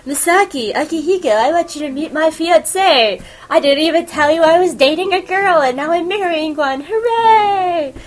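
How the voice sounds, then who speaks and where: A woman's voice: expressive, normal speed, few pauses, rough recording. A woman voicing a giddy young man who gushes as he announces his engagement. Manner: high-pitched and gushing.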